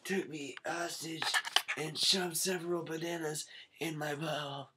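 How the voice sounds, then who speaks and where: A man playing a worn-out captive in a homemade horror film, talking flat and low, a touch higher than usual. The audio is hissy and noisy, from a cheap camera. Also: a little slow, lightly acted. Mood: weary. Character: weary young man rescued from captivity. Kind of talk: amateur horror film acting.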